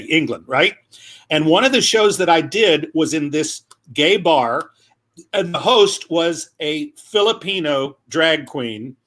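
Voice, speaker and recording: A male comedian on a video call, telling stories in a lively chatty way with quick asides. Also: on the high side. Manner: animated, quick asides, acts out quoted voices. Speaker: comedian guest. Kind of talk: casual comic storytelling.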